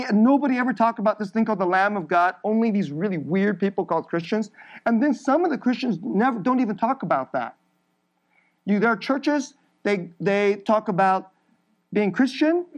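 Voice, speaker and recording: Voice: mid-range voice, lively intonation, unhurried, long pauses. A preacher giving an emphatic sermon, building through repeated phrases and laughing briefly between points.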